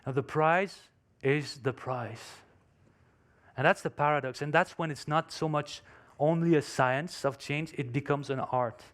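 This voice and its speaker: Speaking English as a second language, a man gives an emphatic motivational conference talk built around a story, with non-native phrasing. His voice is a little high and a bit bright, steady in tone, at normal speed with few pauses.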